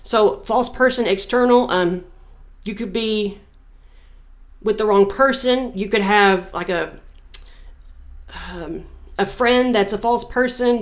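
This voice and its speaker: A young woman giving a casual tarot reading, thinking aloud with frequent fillers and reading scripture passages slowly. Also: on the high side. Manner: unhurried, thinking aloud with many fillers, reads verses slowly. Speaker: tarot reader. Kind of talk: casual spiritual reading to camera.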